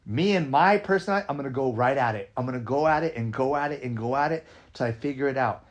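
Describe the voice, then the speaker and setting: A man talking casually as a podcast host and dance coach, energetic and emphatic, often asking "right?" and swearing now and then. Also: medium pitch, quick pace. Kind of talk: casual conversation.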